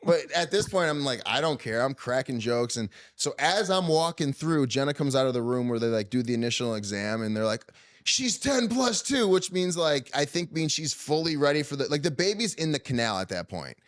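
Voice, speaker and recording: A man's voice: medium pitch, expressive, brisk, few pauses. A man hosting a podcast, telling a story in a loose, joking casual chat. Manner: loose and joking, heavy use of "like". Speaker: podcast host.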